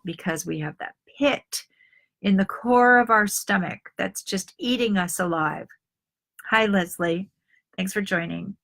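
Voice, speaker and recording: A woman's voice: medium pitch, a little slow, fairly bright tone. A middle-aged woman coaching an online group in a live video talk. She tells personal stories in a confiding way and acts out the voices of the people in them. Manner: confiding storyteller who acts out quoted voices. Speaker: life coach.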